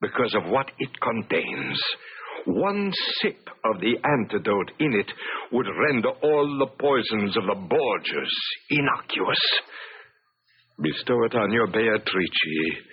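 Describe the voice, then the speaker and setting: An actor playing a scheming older scholar in a 1970s radio drama, speaking in a husky, conspiratorial way. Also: male voice, fairly low pitch, animated, slow pace, full character voice. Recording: dull lo-fi old radio broadcast.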